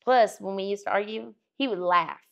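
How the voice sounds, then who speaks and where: A woman's voice: medium pitch, normal speed, gravelly, a bit bright. A young woman in casual podcast chat, chatty, laughing often, trailing off and restarting. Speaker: podcast co-host, engaged to a host.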